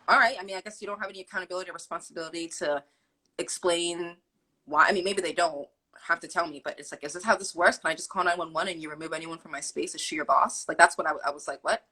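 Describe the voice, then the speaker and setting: Young adult woman guest, husky and a bit low, acts out quotes as she tells a personal story. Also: fast, low-quality recording. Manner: animated, acts out quotes with fillers like "like". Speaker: guest telling her story. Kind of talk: candid storytelling.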